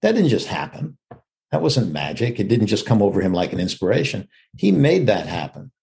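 A man's voice: on the low side, huge pitch swings, a little fast, creaky, darkish tone. An older man, an actor, talking reflectively about acting in an interview and acting out quoted lines as he goes. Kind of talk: conversational interview.

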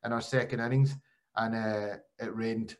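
Animated storytelling man hosting a podcast. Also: on the low side, normal speed. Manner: animated storyteller, frequent restarts. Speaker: podcast host and former cricketer. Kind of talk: casual chat, storytelling.

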